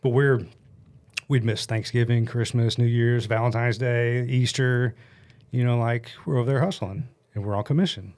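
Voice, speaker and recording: A man in his forties from the United States, telling a story as a podcast guest in a blunt, animated way and swearing freely, into a studio mic. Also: mid-range voice, normal speed. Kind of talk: casual storytelling chat. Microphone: studio mic on a stand.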